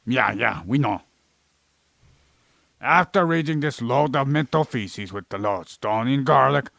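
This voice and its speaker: Creaky-voiced man ranting profanely. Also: mid-range voice, fairly bright tone, dry recording. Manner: plays an alien persona in an ordinary voice. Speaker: podcast co-host. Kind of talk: rambling comedic science chat.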